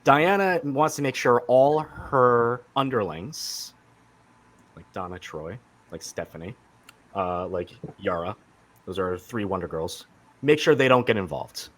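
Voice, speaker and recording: A man's voice: medium pitch, expressive, a little slow, fairly bright tone. A man hosting a casual podcast chat about comics, enthusiastic and rambling with many fillers and restarts. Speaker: podcast host.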